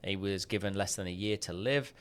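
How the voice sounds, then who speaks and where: An Australian man as a podcast guest, telling stories and acting out quoted dialogue with lively jumps in pitch. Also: fairly quick, clear, resonant tone. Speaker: guest, sales coach. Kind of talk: podcast interview storytelling.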